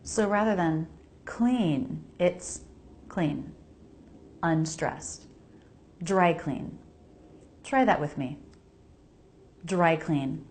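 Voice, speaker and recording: Slow, precise American woman, pronunciation coach, drilling words in a slightly low voice. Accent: General American. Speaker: English pronunciation teacher. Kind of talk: pronunciation lesson voice-over.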